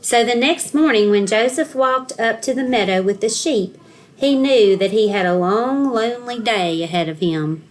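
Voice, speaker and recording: A woman reads a children's storybook aloud in a clear, fairly high voice. She tells it expressively and at an easy pace, as a school counselor would for young listeners. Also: normal speed.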